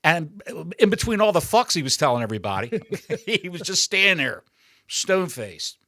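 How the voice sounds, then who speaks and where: A man's voice: a little high, normal speed, no room sound, clean studio sound. A man co-hosting a podcast in casual chat, crude and sarcastic as he riffs. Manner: crude, sarcastic, animated riffing. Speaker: podcast co-host.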